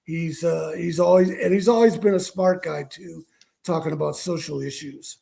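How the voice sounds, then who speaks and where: A man's voice: on the high side, moderate pace, creaky, mellow. A man on a sports talk panel, rambling with many fillers and self-corrections.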